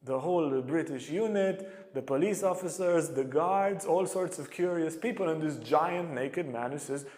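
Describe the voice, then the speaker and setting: A man teaching a yoga lecture as an animated storyteller, acting out voices in his stories. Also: on the high side, unhurried, few pauses. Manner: animated storyteller, acts out quotes. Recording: echoey hall.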